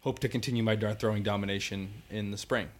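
A young man with a somewhat low voice co-hosts a laid-back podcast. He cuts in with dry, teasing jabs and easygoing banter. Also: steady tone, fast talker, a little hiss or hum. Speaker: podcast co-host. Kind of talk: casual chat.

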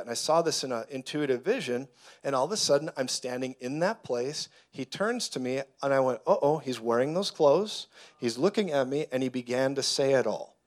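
A man preaching a sermon, telling personal stories and acting out the voices of the people in them. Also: fairly high pitch. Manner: animated storyteller who acts out dialogue. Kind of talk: sermon teaching.

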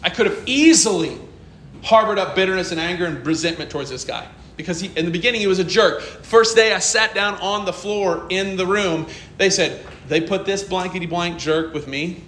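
A man's voice: high-pitched, fairly quick, a bit bright, roomy sound, a little hiss or hum. A man preaching a sermon as pastor, telling stories from his working life, acting out dialogue and laughing often.

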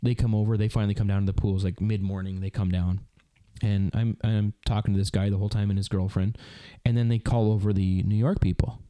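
A man's voice: lowish voice, steady tone, fast talker, few pauses, dark tone, no room sound. A Canadian man in his thirties hosting a podcast, telling a rambling story with lots of fillers in a casual chat. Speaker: podcast host.

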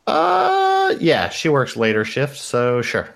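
A man narrates a tabletop role-playing game as its game master, easygoing and unhurried. His voice sits in a middle pitch but moves through a wide, lively range. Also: creaky, a little hiss or hum.

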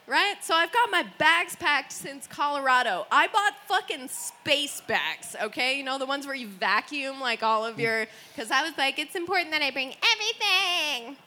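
High, bright-voiced woman telling a story. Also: moderate pace, few pauses. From United States. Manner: animated, laughing often, swearing, acting out quotes. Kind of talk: casual storytelling to a group.

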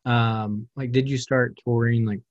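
A man's voice: mid-range voice, steady tone, measured pace, dry recording. A man hosting a podcast in casual conversation, talking in a loose, rambling way full of filler words. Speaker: podcast host. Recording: dull lo-fi sound.

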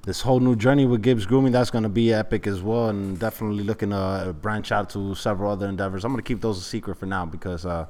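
A man's voice: on the low side, fairly even intonation, fast talker, few pauses, darkish tone. A man talking as a podcast guest, upbeat and casual, full of fillers and repeated "definitely". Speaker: podcast guest, club chapter leader.

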